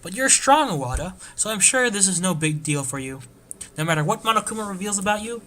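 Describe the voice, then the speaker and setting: Man voicing timid young student, hesitant, earnest, higher voice, game let's play. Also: expressive, brisk, sharp tone.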